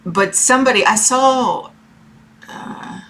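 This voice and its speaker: A woman's voice: fairly high pitch, takes it slowly, sharp tone. A woman giving a casual tarot reading from her room, talking in a rambling, chatty way and often checking in with "okay?". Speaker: tarot reader.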